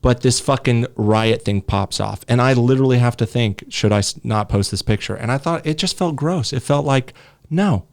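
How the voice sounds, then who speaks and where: A man's voice: medium pitch, moderate pace, gravelly, hardly any pauses. A young man co-hosting a podcast in casual chat, blunt, profane and sarcastic. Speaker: podcast co-host.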